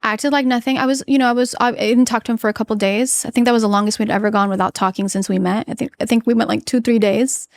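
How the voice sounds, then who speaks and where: A woman's voice: on the high side, steady tone, quick pace, hardly any pauses, no room sound, studio quality. A woman in her thirties, a podcast guest, earnestly telling a personal story and acting out what people said. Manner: candid, earnest, acts out her own quoted lines.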